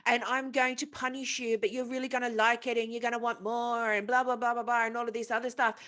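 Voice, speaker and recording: A woman's voice: on the high side, flat delivery, fast, a bit bright, natural voice. A woman voicing a wealthy, kinky young man who talks bluntly and coldly, while retelling a story on a podcast. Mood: commanding.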